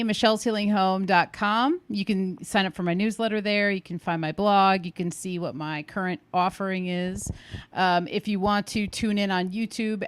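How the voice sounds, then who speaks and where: A woman's voice: medium pitch, clean tone, dry recording. A woman guest in a live online chat, speaking earnestly and openly.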